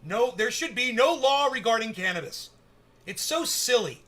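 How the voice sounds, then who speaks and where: A man with a high, bright voice hosts a live cannabis stream. He rants and swears constantly, drops into low asides and then rises into loud, fired-up bursts. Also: moderate pace. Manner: swears heavily, swings from muttering to excited shouting. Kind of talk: profane ranting live show chat.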